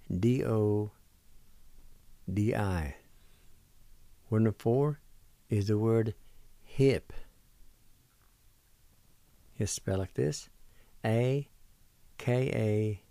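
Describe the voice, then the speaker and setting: A middle-aged man teaches a radio language lesson, carefully spelling and sounding out each syllable. His low, mellow voice moves at an unhurried pace. The studio sound is close and dry. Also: no echo.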